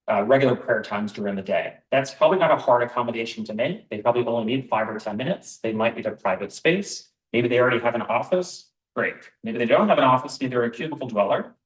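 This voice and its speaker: A man's voice: mid-range voice, fairly quick. A man presenting a business training to a live room, conversational, with many ums and questions to the audience. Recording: roomy, voice from far off the mic.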